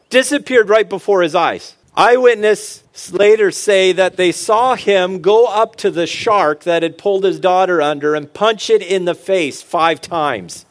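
A middle-aged man with a somewhat high voice gives a humorous motivational talk to fellow dads. He jokes, tells stories and drops into earnest asides. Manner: joking, storytelling, earnest asides. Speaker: speaker on fatherhood.

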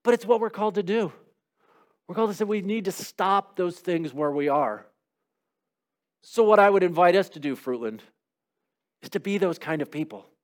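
A man's voice: high voice, lively intonation, normal speed, long pauses. A middle-aged man preaching a sermon in a conversational way, asking rhetorical questions and acting out little quotes. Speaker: pastor.

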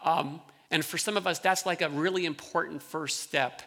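Male pastor, high and bright-toned, easygoing preaching with restarts, recorded with long hall reverb. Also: fairly even intonation, moderate pace, creaky. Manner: conversational preaching with verbal restarts. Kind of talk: sermon.

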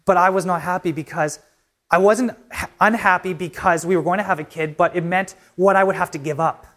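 A man's voice: high-pitched, steady tone, fairly quick, fairly bright tone. A young male pastor preaching a sermon, telling an emotional personal story in an earnest way with frequent restarts.

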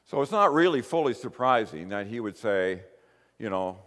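Animated preacher man in a reverberant hall. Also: fairly low pitch, moderate pace. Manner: animated storytelling, acting out quoted lines. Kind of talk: sermon.

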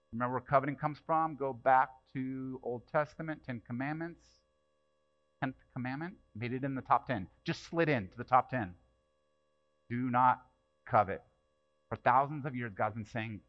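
Guy pastor preaching in church, chatty, jumps from loud to hushed, asks the crowd questions, muffled dull recording. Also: medium pitch. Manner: conversational, with sudden swings between loud and hushed; rhetorical questions to the congregation. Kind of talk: sermon.

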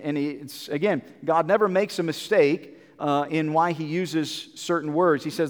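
A man's voice: fairly high pitch, long reverb tail. A man preaching a Bible sermon in an earnest, repetitive way, with many fillers and restarts.

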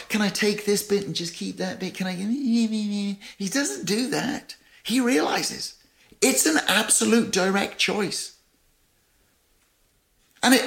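A man preaching a sermon as pastor, reading scripture aloud with emphasis and retelling it in lively everyday words. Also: high voice.

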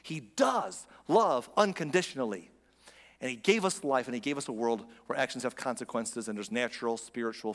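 A man's voice: mid-range voice, in a large hall. A man preaching a sermon as a pastor, in an earnest, conversational way with frequent restarts.

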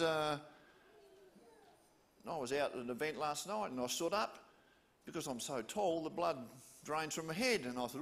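Male preacher, storytelling sermon, slightly high voice, lively, asks listeners questions.

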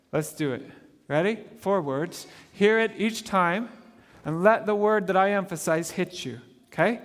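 A middle-aged man preaching a sermon as pastor, earnest, repeating phrases for emphasis and checking in with the congregation. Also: high-pitched. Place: church sanctuary. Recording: long reverb of a large church hall.

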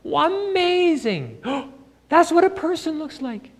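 A man's voice: extremely high pitch, sing-song, slow pace, voice pushed up, heavily acted. A preacher putting on a gasping, amazed newly sighted man. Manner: gasping, wonder-struck exclamations. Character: blind man amazed at seeing for the first time. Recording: long hall reverb.

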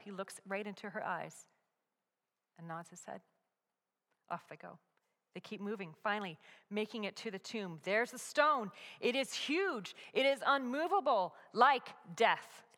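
A woman narrating a dramatic story, moving from hushed whispers to loud, urgent peaks. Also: mid-range voice. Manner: expressive, swings from hushed whispers to loud climaxes. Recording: long hall reverb.

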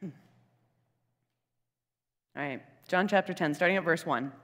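A young adult woman pastor preaching a sermon, telling a story in an animated way with chuckles and asides. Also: fairly low pitch, unhurried. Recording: long hall reverb in church.

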